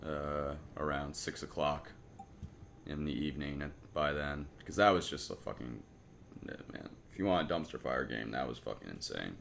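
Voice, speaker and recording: A man's voice: rumbling low, moderate pace, creaky, fairly bright tone, a little hiss or hum. A young adult man co-hosting a podcast in casual chat, hungover, swearing a lot and laughing while he rambles. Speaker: podcast co-host.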